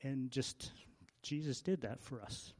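A man, a visiting missionary, giving informal announcements to a church congregation, halting and repeating himself as he goes. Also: medium pitch, big-room sound.

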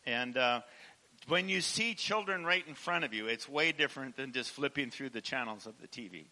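Bright-voiced man giving a testimony. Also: mid-range voice, rough recording. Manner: emotional storytelling, laughs often, halting restarts. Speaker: charity founder speaking to a church. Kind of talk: personal testimony talk.

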